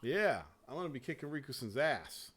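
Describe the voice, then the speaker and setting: A man hosting a casual gaming chat show, talking in a profane, animated way and laughing often. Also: medium pitch, fairly quick, slightly rough. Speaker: show host.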